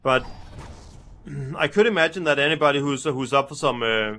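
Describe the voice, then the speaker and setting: A man's voice: medium pitch, moderate pace, bright, forceful tone. A young man co-hosting a casual chat about a video game, hesitant and often repeating words while he searches for them. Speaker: co-host.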